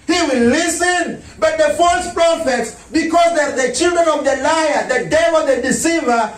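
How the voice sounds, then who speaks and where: A man preaching a sermon as a pastor, breaking into shouts and mocking impressions of others. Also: very high voice. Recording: echoey room, mic at a distance.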